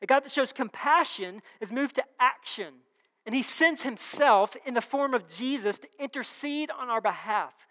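A woman's voice: on the high side, fairly bright tone, big-room sound. A woman preaching a sermon in a conversational way, repeating key phrases and reading scripture aloud.

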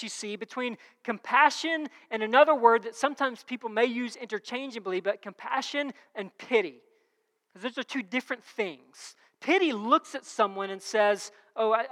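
A woman's voice: fairly high pitch, a bit bright. Lady preacher giving a sermon, chatty and repeats herself, long echo like a church hall. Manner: conversational, repeats key phrases, reads scripture aloud.

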